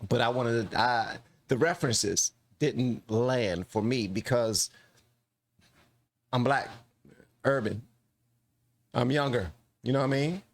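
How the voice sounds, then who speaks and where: A man hosting a reaction channel, giving relaxed, chatty commentary straight to his viewers. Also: mid-range voice, takes it slowly, long pauses.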